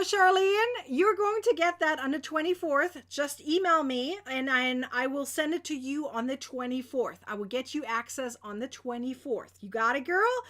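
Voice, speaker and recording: A young woman hosting a crochet giveaway in casual livestream chat, bubbly and squealing with excitement. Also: high-pitched, moderate pace, hardly any pauses.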